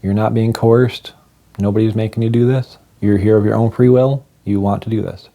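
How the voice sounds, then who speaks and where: A man voicing a patient, matter-of-fact male doctor who asks calm, repetitive questions. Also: fairly low pitch, moderate pace, creaky. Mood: earnest.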